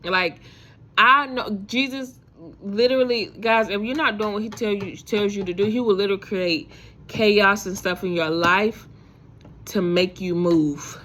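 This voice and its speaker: A woman's voice: medium pitch, unhurried, fairly bright tone, slight background noise. A woman vlogger telling a faith story to her viewers in a casual, rambling way, full of fillers and restarts.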